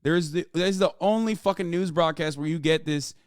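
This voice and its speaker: Fast-talking, profane male streamer. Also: a little high, smooth, dry recording, clean studio sound. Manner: animated, profane, talks over a played clip. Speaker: livestream host. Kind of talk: casual reaction commentary.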